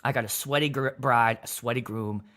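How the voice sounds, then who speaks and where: A man's voice: mid-range voice, fairly quick. A man who works as a wedding DJ, telling a story on a livestream in a loose, profane, dramatic way. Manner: animated, profane, dramatic retelling.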